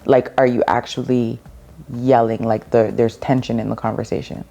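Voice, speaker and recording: Gravelly-voiced woman probing with questions. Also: rumbling low, little pitch movement, moderate pace, mellow, lo-fi sound. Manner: probing, asks pointed questions, affirms with frequent mm-hmms. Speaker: podcast guest. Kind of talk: probing conversational podcast.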